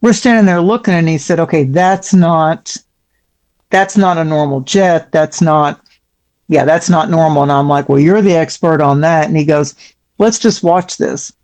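A woman who is a psychic guest on a show, telling a story casually and acting out other people's voices with big jumps in pitch. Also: moderate pace, darkish tone.

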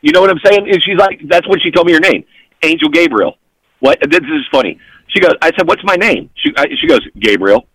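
A man's voice: high voice, quick pace, gravelly, slightly rough, dry recording, low-quality recording. Hyped up guy telling a wild story on a podcast, really swoopy voice, dry close mic. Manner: excitable, keeps checking in with "okay?". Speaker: podcast guest. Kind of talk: animated storytelling.

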